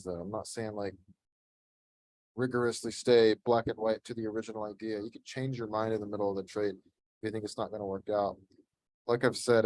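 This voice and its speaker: A man hosts a casual voice-call chat, coaching in a blunt, laid-back way with plenty of casual swearing. His voice sits at an ordinary pitch. The sound is close and dry, with no room around it. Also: a little mellow, dry recording. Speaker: host streaming live trades.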